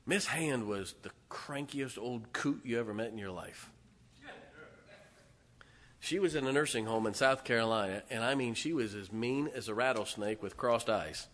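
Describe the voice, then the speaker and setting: Bright-voiced man preaching a story. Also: mid-range voice, normal speed. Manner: animated storytelling with loud bursts and soft asides. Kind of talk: sermon.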